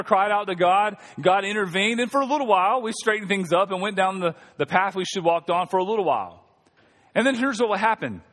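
A man preaching a sermon as pastor, reading scripture and joking with the congregation. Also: sits high. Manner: joking, animated preaching with audience asides. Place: church sanctuary. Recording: long reverb of a church hall.

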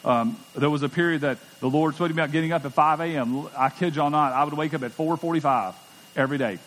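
A man's voice: on the high side, fast talker, a bit bright. A middle-aged man preaching a sermon as pastor, conversational and emphatic, often repeating words as he goes. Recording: long church hall reverb.

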